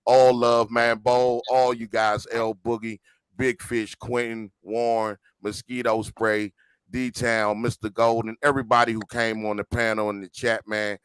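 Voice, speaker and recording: Bright-voiced man doing playful shout-outs. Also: mid-range voice, little pitch movement, a little slow, clear, resonant tone, no echo. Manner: playful mock-angry ribbing, then heartfelt shout-outs. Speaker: podcast co-host. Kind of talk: casual podcast sign-off.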